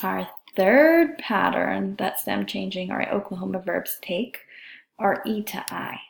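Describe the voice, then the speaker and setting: Slow, gravelly-voiced woman teaching German grammar. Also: medium pitch. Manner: slow, careful, drawn-out pronunciation of examples. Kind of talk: classroom grammar lesson. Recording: echoey room.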